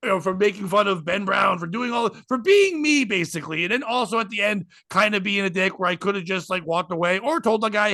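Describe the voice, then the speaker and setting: A man's voice: high-pitched, fast talker, hardly any pauses, no echo, clean studio sound. A man telling comedy stories on a podcast, laughing often and acting out what people said. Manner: animated, laughs often, acts out quotes. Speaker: comedian guest. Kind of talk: casual podcast storytelling.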